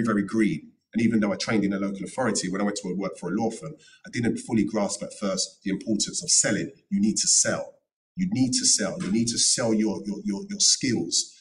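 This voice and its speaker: Earnest low-voiced man, heard from afar. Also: distant mic, poor audio. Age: middle-aged. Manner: earnest, emphatic advice with repeated phrases. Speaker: panel speaker, notary and former solicitor. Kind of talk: panel talk at a careers event. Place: event room.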